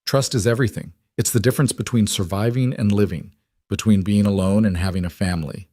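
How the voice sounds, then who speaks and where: A man's voice: on the low side, steady tone, brisk, warm tone, no room sound, studio quality, close to an everyday voice. A man reading the lines of a fierce, protective woman executive in a firm, emotional tone.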